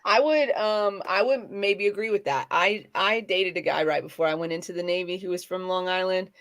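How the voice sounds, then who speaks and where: A woman's voice: on the low side, moderate pace, a bit bright. A middle-aged woman co-hosting a casual chat, rambling and correcting herself as she talks. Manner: chatty, rambling, self-correcting. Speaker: co-host.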